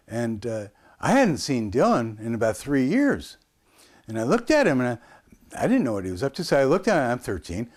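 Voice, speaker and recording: A man's voice: medium pitch, huge pitch swings, fairly quick. A man in his sixties from the United States, telling a rambling story as an interview guest, with frequent hesitations and restarts.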